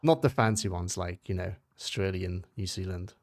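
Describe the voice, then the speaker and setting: A man's voice: low-pitched, moderate pace. A young Swiss man streaming a game, speaking English as a second language with a mixed British-American accent, rambling and correcting himself as he chats with viewers. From Switzerland. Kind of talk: casual live-stream chat.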